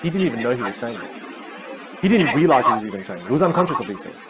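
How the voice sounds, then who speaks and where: A man teaching a live online communication masterclass, energetic and full of storytelling. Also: mid-range voice, racing, background noise. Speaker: communication coach.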